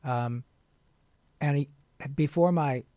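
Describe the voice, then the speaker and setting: A man's voice: fairly high pitch, slow pace, no room sound. Earnest man telling his story, dry sound. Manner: earnest, animated, frank. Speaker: guest voice actor. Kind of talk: interview storytelling.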